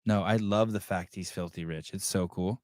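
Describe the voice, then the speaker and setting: A man's voice: low-pitched, steady tone, normal speed, a little mellow, dry recording, studio quality. A man hosting a podcast, ranting crudely and mocking people in whiny voices. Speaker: podcast host. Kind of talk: crude comedic rant to live chat.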